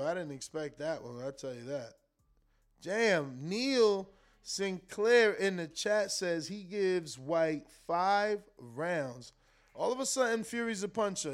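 A man with a fairly high voice talks boxing on his live stream, reading comments aloud and arguing back. He speaks in a relaxed, offhand way, swearing now and then and tripping over his own words as he thinks aloud. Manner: loose and conversational, swears, repeats words, argues with the chat. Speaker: live stream host reading super chats.

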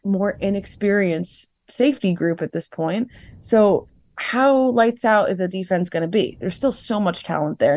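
A woman's voice: lowish voice, a little mellow, no echo, clean studio sound. A young adult woman giving casual sports analysis, rambling with lots of fillers and a wry, sarcastic edge. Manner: rambling, filler-heavy with frequent "like". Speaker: guest analyst.

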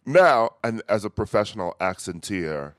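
A man hosting a podcast in casual chat, playful and quick to laugh as he steers the topics. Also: on the low side, lively intonation, no room sound, studio quality. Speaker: podcast host.

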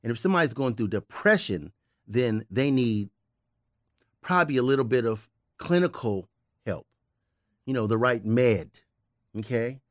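A man's voice: medium pitch, animated, normal speed, pauses often, no room sound, studio quality. An older man on a podcast giving blunt, emphatic tough-love advice in casual chat. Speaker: podcast regular, host's father.

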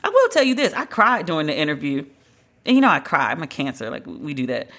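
A podcast host giving solo celebrity-news commentary in a dramatic, emphatic, slangy and profane way, with drawn-out exclamations. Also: mid-range voice, wildly swooping pitch, a bit bright.

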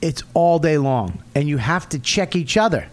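A middle-aged man from Boston with a Boston accent, a comedian guest telling profane, animated stories in casual podcast chat. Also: on the high side, moderate pace. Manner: profane, animated storytelling with acted-out quotes.

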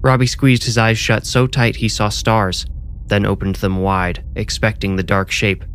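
A man narrating a scripted horror story in a measured, deliberate way. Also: lowish voice, flat delivery, fairly bright tone, a little hiss or hum.

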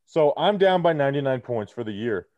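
A man co-hosting a casual sports podcast, talking in an animated, joking way, his voice muffled behind a face shield on a video call. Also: mid-range voice, brisk, no room sound. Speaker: podcast co-host. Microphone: muffled behind a clear face shield.

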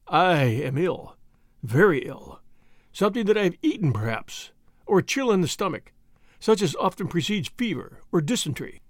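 A man's voice: high-pitched, sing-song, brisk, no room sound, studio quality. A man doing a gloomy, solemn old Boer father. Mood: groaning. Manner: melancholy, groaning, solemn.

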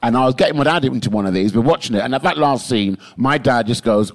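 A male comedian, telling lively, swearing stories in a podcast chat. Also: fast talker. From England. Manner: animated, swearing, pitch jumping high for emphasis. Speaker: guest comedian. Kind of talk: comic storytelling in a podcast chat.

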